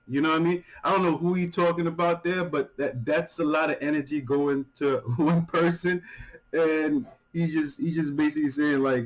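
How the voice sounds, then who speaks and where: A man hosts a music reaction video, talking casually and excitedly, tripping over repeated words, swearing freely and laughing a lot. His voice is fairly high with a moderate pace, and the audio quality is poor.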